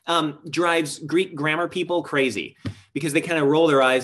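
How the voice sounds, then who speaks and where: A man's voice: on the high side, moderate pace, fairly bright tone, a little hiss or hum. A man preaching a sermon as pastor, earnest and emphatic, asking rhetorical questions and shifting his pace.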